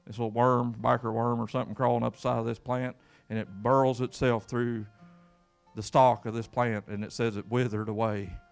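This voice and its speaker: A man's voice: mid-range voice, flat delivery, a little fast, creaky, clean tone, faint music behind. A man preaching a sermon as pastor, folksy and emphatic, with repeated words and call-outs to the congregation. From Kentucky.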